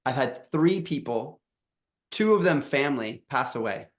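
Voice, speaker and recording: A man in his thirties sharing a personal story as a dad coach, emotional and halting, often restarting his words. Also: medium pitch, expressive. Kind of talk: personal storytelling in a podcast chat.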